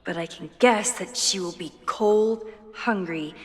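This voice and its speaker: Max, a wry, anxious young woman photographer from a video game, played by an actress, thinking out loud in a dry, self-mocking way. Her voice sits at an ordinary pitch, with a long reverb trailing off each line. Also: measured pace, close to an everyday voice.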